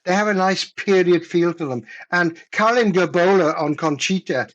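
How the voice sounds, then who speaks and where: Man in his seventies, poet guest, measured and reflective, slightly higher voice. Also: a bit bright, highs cut off. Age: 70s. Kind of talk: conversational interview and poetry reading.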